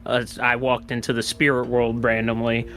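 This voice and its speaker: A man's voice: medium pitch, monotone, moderate pace, a bit bright, faint music behind. A man guesting on a podcast, telling a story in a casual, rambling way with lots of fillers, restarts and swearing.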